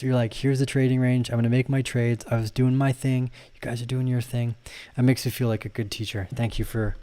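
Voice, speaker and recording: A man hosting a casual livestream about crypto trading, excitably commenting on charts and praising his viewers with loud exclamations. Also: mid-range voice. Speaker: crypto trading channel host.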